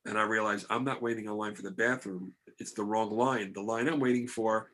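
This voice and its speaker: A man's voice: lowish voice, fairly even intonation, a little fast, fairly bright tone. A middle-aged man, the podcast host, telling a rambling, self-deprecating story in casual chat.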